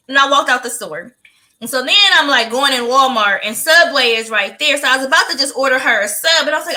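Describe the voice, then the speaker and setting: High, bright-voiced animated woman storyteller. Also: quick pace. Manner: animated, laughing, acts out quotes. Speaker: podcast co-host. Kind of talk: casual chat, storytelling.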